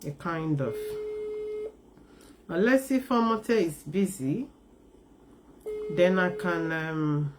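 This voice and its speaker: A woman hosting a live call-in talk program, speaking in a measured, emphatic way and repeating key phrases. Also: fairly low pitch, background noise.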